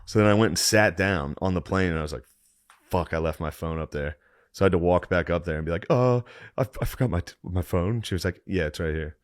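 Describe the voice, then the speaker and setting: A low-pitched man tells a story on a podcast, swearing often and breaking into laughter as he gripes. The sound is dry and close, with no room around him. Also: fast, clear, resonant tone, dry recording. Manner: profane, animated griping with laughs. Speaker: podcast co-host. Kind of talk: casual storytelling chat.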